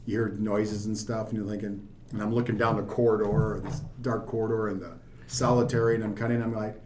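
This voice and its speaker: A man, a guest film director, chatting quickly and with self-amusement on a podcast. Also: lowish voice, level tone, noisy background. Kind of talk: casual podcast chat. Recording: echoey room.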